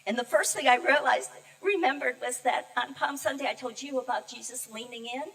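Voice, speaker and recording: An older woman minister giving a heartfelt, personal sermon, telling her story with pauses and emotion. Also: sits high, gravelly, fairly bright tone. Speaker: guest minister. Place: church sanctuary. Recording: distant mic in a reverberant sanctuary.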